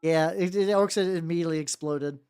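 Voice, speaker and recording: Gentle low-voiced woman chatting on stream. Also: normal speed. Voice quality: gentle, relaxing voice. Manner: rambling, with frequent restarts and swearing. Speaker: streamer painting miniatures. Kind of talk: casual chat. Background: faint background music.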